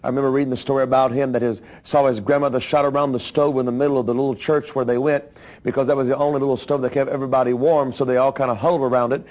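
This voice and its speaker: A man speaks at an ordinary pitch, telling a life story in the manner of a sermon. He tells it in a measured way, adding his own comments as he goes. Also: level tone, darkish tone, poor audio. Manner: measured storytelling, with asides to listeners. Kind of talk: biographical sermon narration.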